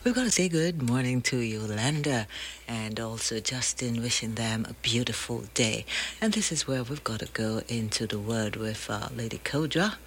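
Male radio host, casual banter, mid pitch, faint noise floor. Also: normal speed. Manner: relaxed, filler-heavy.

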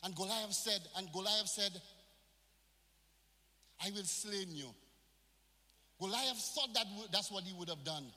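A male pastor preaches in a church at normal speed with a high, pushed, bright voice and hardly any pauses, mixing in call-and-response and phrases. The church hall sounds reverberant.

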